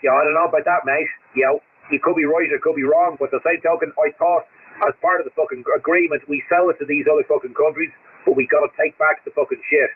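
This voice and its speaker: A man's voice: fairly high pitch, steady tone, fast talker. An Australian man ranting bluntly on a CB radio channel, swearing constantly. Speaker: CB radio operator. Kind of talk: profane radio chat. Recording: tinny radio line with faint noise.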